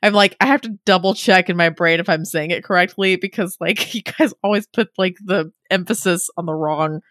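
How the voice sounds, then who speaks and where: A young adult woman co-hosting a podcast, reading listener submissions with relaxed, rambling asides and frequent laughs. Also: fairly low pitch, a little fast, dry recording, studio quality. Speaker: podcast co-host.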